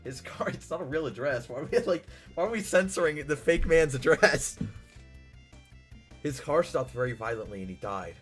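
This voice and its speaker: A man's voice: fairly high pitch, expressive, normal speed, faint music behind. A man streaming live, reading out viewer stories and breaking into laughs and mock-indignant protests along the way.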